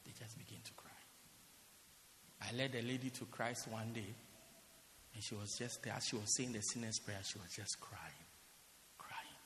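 A man's voice: on the low side, moderate pace, long pauses, a bit bright, slight background noise. A man preaching a sermon as pastor, emphatic and repeating his phrases for effect. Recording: echoey hall with long reverb.

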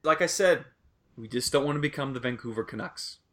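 A man's voice: mid-range voice, brisk, a bit bright. A young man hosting a casual sports podcast, rambling loosely and swearing now and then. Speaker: podcast host.

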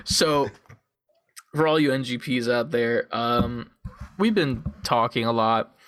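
A young man with a middle-pitched voice chats casually on his podcast, loose and profane, leaning on "like" between thoughts. He speaks close into a desktop USB condenser mic. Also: slow, fairly bright tone, smooth. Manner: laid-back, profane, full of "like" fillers. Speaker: podcast co-host. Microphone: desktop USB condenser mic on a call.

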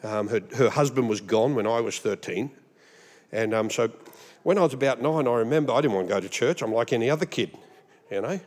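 An Australian man preaching a sermon, animated and humorous, mimicking voices as he goes. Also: mid-range voice, brisk, big-room sound. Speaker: pastor.

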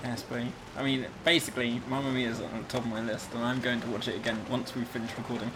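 A man co-hosting a podcast in relaxed, easygoing chat, steering the talk along. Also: medium pitch, fast talker, noisy background. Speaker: podcast co-host.

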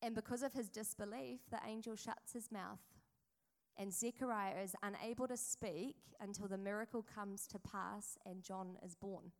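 A woman's voice: medium pitch, fairly even intonation, normal speed. A woman, preaching a sermon in a chatty storytelling way with asides to the congregation. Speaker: pastor.

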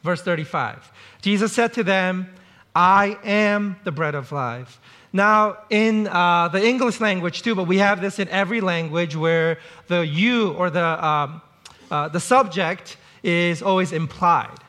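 Bright, high-voiced man preaching. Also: unhurried. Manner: conversational, illustrative preaching with acted-out quotes. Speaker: pastor. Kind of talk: sermon.

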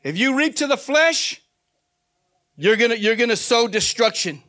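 A man's voice: very high-pitched, very animated, moderate pace, pushed and bright. A man preaching an informal sermon, emphatic and calling out to his listeners again and again. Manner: emphatic, repetitive call-outs to listeners.

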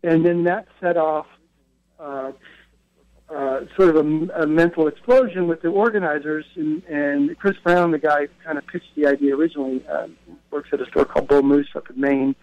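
This is a man's fairly high voice, steady in tone and moderate in pace, heard over a dull lo-fi radio broadcast. As a guest who helped found a record retail event, he spins casual, chatty anecdotes and keeps correcting himself.

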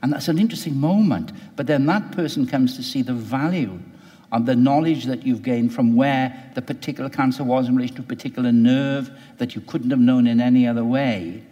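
A man interviews an author with a rambling, searching delivery, often correcting himself as he goes. His voice sits at an ordinary middle pitch. The recording has a long, reverberant hall tail. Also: a little fast, warm tone, dull audio. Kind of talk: thoughtful radio interview.

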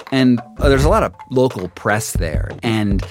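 A man telling his own story in the first person, halting and full of restarts and repeats. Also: mid-range voice, expressive, soft background music. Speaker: storyteller guest.

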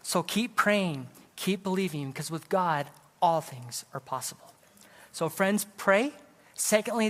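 A man's voice: high-pitched, fairly bright tone, long reverb tail. A middle-aged man from California, preaching as an evangelist and telling a personal story in a conversational way with self-deprecating jokes. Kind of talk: sermon. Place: church sanctuary.

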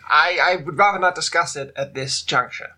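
A man makes dark jokes in a flat, deadpan way. His voice sits a little high and sounds very bright and sharp. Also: moderate pace. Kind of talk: improvised comedy chat.

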